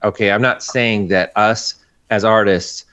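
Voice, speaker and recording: A man's voice: lowish voice, steady tone, measured pace, fairly bright tone, a little hiss or hum. A man, a guest animator, talking earnestly and emphatically in a casual podcast discussion, often restarting his sentences. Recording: muffled, dull audio.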